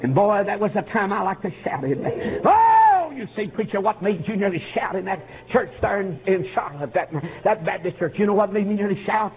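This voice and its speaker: Preacher on tinny old tape. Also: male voice, high voice, fairly quick, hardly any pauses. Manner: rhythmic preaching with constant "uh" fillers, bursts into shouting. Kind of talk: fiery revival sermon.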